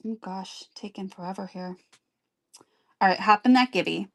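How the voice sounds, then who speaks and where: A woman's voice: medium pitch, moderate pace, dry recording, studio quality. A woman hosting a casual sewing tutorial on a live stream, chatty and rambling with many ums, greeting viewers by name. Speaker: sewing livestream host.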